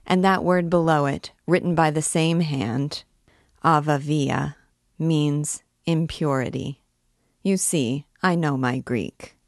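A woman's voice: deep voice, takes it slowly, dry recording, clean studio sound. A woman voicing a merry, impudent young male student who talks in a cheeky, careless way. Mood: bold.

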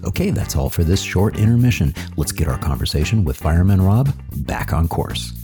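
A man's voice: low voice, sing-song, a little fast. A man hosting a podcast, reading a scripted intermission break. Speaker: podcast host. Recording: voice-over with music bed.

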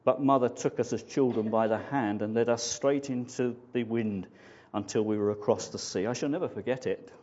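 A man's voice: mid-range voice, fairly even intonation, normal speed, darkish tone, lo-fi sound, close to an everyday voice. A man voicing an older Israelite spy, earnest and reverent, while reading a Bible story.

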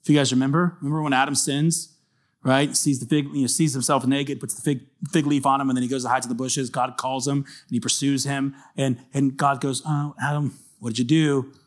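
A man preaches in an easy, conversational way, earnest and direct with his listeners. His voice sits at an ordinary middle pitch. It sounds like a relaxed church talk rather than a formal address. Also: brisk. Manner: casual, earnest, acts out short quoted lines. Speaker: pastor. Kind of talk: conversational sermon.

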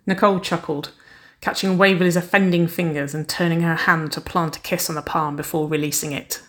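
A woman's voice: lowish voice, level tone, a little fast. Woman narrating a romance story. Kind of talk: scripted narration of romance fiction.

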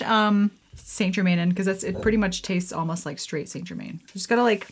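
A chatty young woman talks casually to the camera as she mixes a drink. She is playful, laughs often and drifts into offhand asides. Her pitch sits in the middle range for a woman. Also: a little fast. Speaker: vlogger. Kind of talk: casual chat while mixing a drink.

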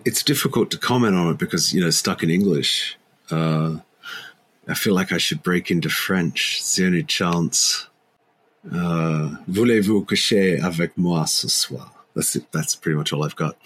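Man, very low voice, husky, wry rambling podcast co-host. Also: unhurried, a bit bright. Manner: rambling, wry, self-deprecating. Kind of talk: casual literary podcast chat.

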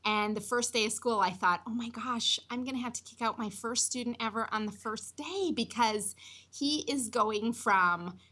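A woman high school teacher telling an emotional personal story about a student. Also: moderate pace, bright, forceful tone, slightly rough.

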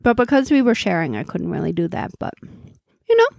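A woman's voice: lowish voice, big pitch swings, a little fast, creaky, a little mellow, no room sound, clean studio sound. A woman co-hosting a podcast, chatting casually as she tastes food, laughing often and talking with her mouth full. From Canada. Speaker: podcast co-host. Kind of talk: casual food-tasting chat.

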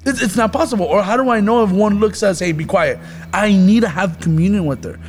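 A man's voice: high voice, quick pace, darkish tone, a little hiss or hum. A man hosting a casual Christian podcast, talking earnestly about the Holy Spirit with rambling restarts.

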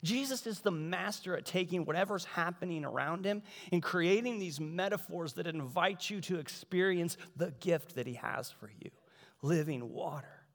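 A man preaching a sermon in a conversational, animated way, acting out the voices of the people in the story. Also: high voice, moderate pace. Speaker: pastor. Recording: large hall reverb.

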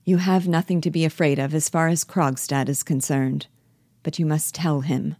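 A woman reading the part of a sober, firm woman friend, quiet and plain-spoken, in a low, dry voice. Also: steady tone, moderate pace, no room sound. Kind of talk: reading a play aloud.

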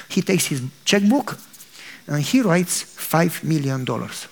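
Male pastor, sermon, animated storytelling, fairly high voice. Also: unhurried. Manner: animated storytelling, acts out dialogue.

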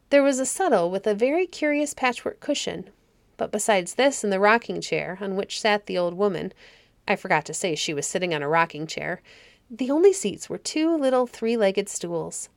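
A woman narrating a fairy story audiobook in a calm, measured way. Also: medium pitch, no room sound. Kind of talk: reading a fairy story aloud.

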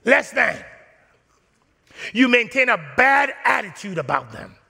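A man preaching a sermon in a church, animated and playful, acting out little scenes. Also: extremely high pitch, a little slow, vocal fry, breathy edge. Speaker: pastor. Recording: long reverb of a church hall.

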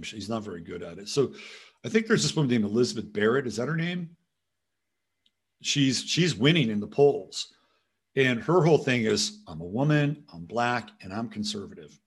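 A man's voice: medium pitch, expressive, moderate pace, long pauses, breathy edge. A man hosting a casual commentary show, rambling from topic to topic and now and then talking to his dog. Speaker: host.

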